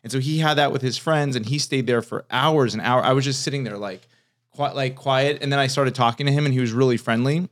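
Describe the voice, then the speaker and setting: Animated man telling stories casually. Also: mid-range voice, fairly quick. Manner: animated storyteller, restarts and fillers. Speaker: comedian guest. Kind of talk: casual podcast chat.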